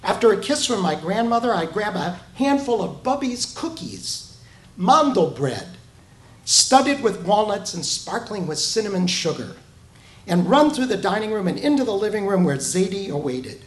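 A man from Omaha, Nebraska, reading his own memoir aloud to a live audience with an expressive storytelling delivery. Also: high-pitched. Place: event room with an audience. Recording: roomy, echoey hall.

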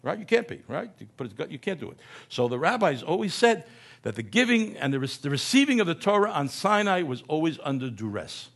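A man's voice: fairly high pitch, sing-song, a little fast, creaky, a bit bright, husky. Man giving a chatty, humorous lecture. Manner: conversational, often asks "right?", self-corrects mid-word.

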